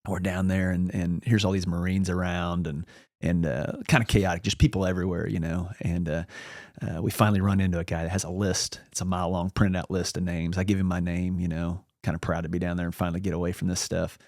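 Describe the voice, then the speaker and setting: A man's voice: deep voice, level tone, quick pace, darkish tone, no room sound, clean studio sound. A man as a podcast guest, telling a long story in a casual, rambling way and acting out the lines of the people in it. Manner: rambling anecdotal, acts out quoted dialogue.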